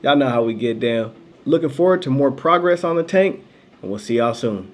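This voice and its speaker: A man's voice: mid-range voice, expressive, moderate pace. A man narrating his own hobby video in an upbeat, playful voice-over, with a slangy sign-off. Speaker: aquarium hobbyist vlogger.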